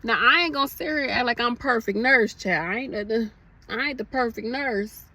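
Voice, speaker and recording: Young woman, slightly high-pitched, giving a fired-up heartfelt rant to camera. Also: normal speed, sharp tone, no room sound. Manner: impassioned, preachy, addresses viewers as y'all. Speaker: nurse vlogger. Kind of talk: emotional casual rant to camera.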